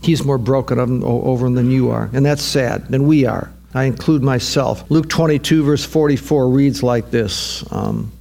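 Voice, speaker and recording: A man preaching a sermon in an earnest way, repeating words and rising in pitch when stirred. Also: unhurried, gravelly, darkish tone. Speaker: pastor.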